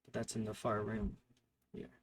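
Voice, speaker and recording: A man with a fairly low, monotone voice speaks at a moderate pace as a tabletop game master. He improvises scene descriptions, using fillers and frequently correcting himself mid-sentence.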